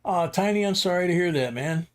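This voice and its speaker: A man's voice: sits high, animated, fairly quick. A middle-aged man hosting a livestream, rambling through a casual anecdote with chuckles. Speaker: livestream host.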